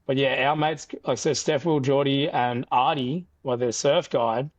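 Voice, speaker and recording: A young Australian man telling a story in a casual podcast interview, animated and loose with fillers and restarts. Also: medium pitch, a little slow, no room sound, lo-fi sound. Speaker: podcast guest.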